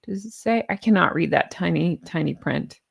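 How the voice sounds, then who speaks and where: A woman's voice: lowish voice, normal speed, creaky, breathy edge. A woman vlogger with a slight Southern American accent, rambling chattily and teasing herself with giggles. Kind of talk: casual chat to camera.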